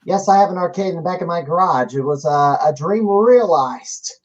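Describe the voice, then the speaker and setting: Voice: medium pitch, a little fast. A podcast host chatting casually about a home arcade, self-mocking and chatty. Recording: slightly dull, lo-fi audio.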